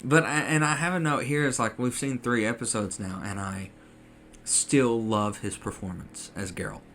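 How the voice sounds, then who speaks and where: A man's voice: mid-range voice, moderate pace, fairly bright tone, a little hiss or hum. A man co-hosting a casual podcast, chatty and full of ums and uhs. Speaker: podcast co-host.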